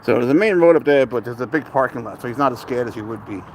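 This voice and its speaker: A man's voice: medium pitch, fast talker, darkish tone, a little hiss or hum. A man walking his cat outdoors, chatting casually to the camera and talking to the cat like a buddy. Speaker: pet vlogger. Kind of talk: casual vlog talk to camera and pet. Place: outdoors, walking near a cemetery.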